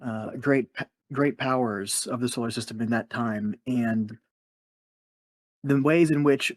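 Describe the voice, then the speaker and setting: A man in a tabletop role-play who speaks in a measured, formal way. He halts now and then to find his words, at an average pitch. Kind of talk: in-character role-play chat.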